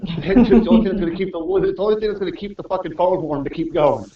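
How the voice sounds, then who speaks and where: A man's voice: sits high, rapid-fire, a crowd in the background. Swearing man on a pocketed phone. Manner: swearing, laughing, restarting sentences. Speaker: live stream co-host. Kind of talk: casual live chat while walking. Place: out walking, then a convenience store. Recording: muffled, roomy, distant phone mic.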